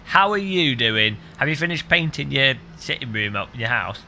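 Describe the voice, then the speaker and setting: A British man chatting on a live game stream, wandering from topic to topic with dry, absurd humour. His voice sits at an ordinary pitch for a man, with a very bright, sharp edge to it. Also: normal speed, slight background noise. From United Kingdom. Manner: rambling, deadpan absurd joking. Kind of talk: casual live-stream chat.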